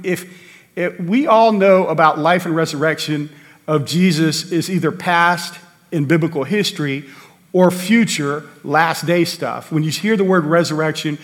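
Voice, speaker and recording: A man preaching a sermon, earnest and emphatic, often restarting his sentences. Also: a little high. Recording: long hall reverb.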